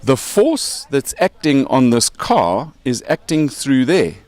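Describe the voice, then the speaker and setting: Man, South African accent, playful show host, lively up-and-down delivery, dry close sound. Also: medium pitch, slow, no echo. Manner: playful, joking, explains with props. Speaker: podcast host. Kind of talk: casual explanatory chat.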